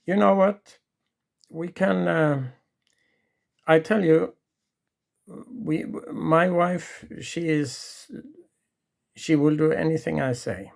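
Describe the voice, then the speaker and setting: Man as drunk husband bellowing upstairs, high and loud, gravelly edge. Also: slow, pauses often. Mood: boastful. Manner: loud, bragging, calling out. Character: boastful drunk husband shouting for his wife.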